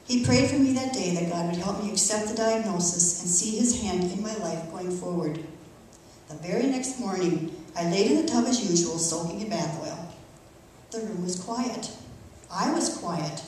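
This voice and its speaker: A woman's voice: medium pitch, lively intonation, a little mellow, slight background noise. Middle-aged woman reading testimony in church. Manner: earnest, emotional, measured reading. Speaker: church member giving testimony. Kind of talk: reading a personal testimony aloud. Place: church sanctuary. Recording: echoey church from far off.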